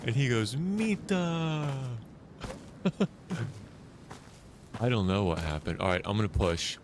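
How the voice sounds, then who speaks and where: A man streaming a survival shooter live, talking loosely and excitedly as he plays, often restarting his sentences. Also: fairly low pitch, moderate pace, slight background noise. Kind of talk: live gameplay commentary.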